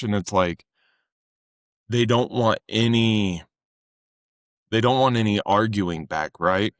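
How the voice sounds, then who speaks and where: A young adult man co-hosting a casual podcast, talking earnestly about coaching and sometimes acting out what he says to clients in a louder voice. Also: fairly low pitch, takes it slowly, pauses often, dry recording, clean studio sound. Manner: earnest, conversational, acts out quotes with raised voice. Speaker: fitness coach and podcast co-host.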